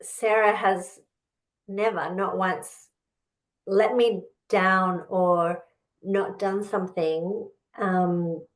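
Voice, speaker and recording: Speaking extremely slowly, a woman with a mid-range, steady voice recounts her own life as a guest on a podcast. An author and entrepreneur, she rambles heartfeltly through this emotional story, her voice catching with emotion now and then.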